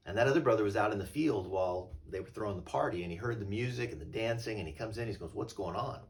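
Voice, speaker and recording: A male pastor with a low voice who preaches in an easy, storytelling way. The voice sounds set back from the mic, heard from a little distance. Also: fast, a little hiss or hum. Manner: conversational and storytelling. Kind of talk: sermon.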